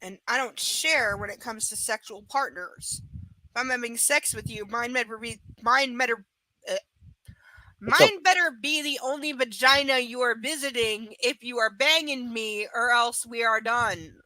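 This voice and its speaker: A woman with a fairly high, bright voice reads a novel aloud live. She stops often for blunt, profane asides to her audience. The sound is close and dry. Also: moderate pace, no echo, poor audio. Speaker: live book reader. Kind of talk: live reading with blunt commentary.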